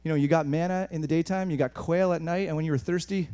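Guy preaching a sermon, kinda high voice, gets loud then drops quiet, lots of restarts. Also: fast talker, clear, resonant tone. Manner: animated preaching, swings between soft asides and raised emphasis. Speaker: pastor.

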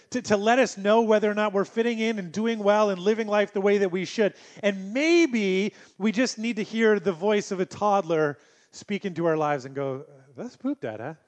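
Man, pastor, high-pitched voice, chatty sermon, funny anecdotes. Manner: conversational storytelling with humor.

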